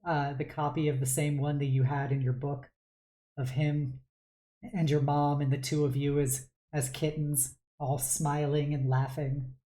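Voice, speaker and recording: Low, slow woman game master, hesitant narration. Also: little pitch movement, mellow. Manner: hesitant, full of fillers.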